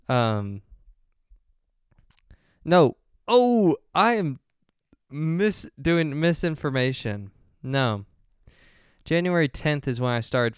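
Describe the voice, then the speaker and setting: A young man talks through a solo podcast episode, often stopping to correct himself and filling gaps with ums. His voice is very smooth and clear, and it sits dry and close with no room sound. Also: medium pitch, no room sound. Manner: rambling, self-correcting, many fillers. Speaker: podcast host.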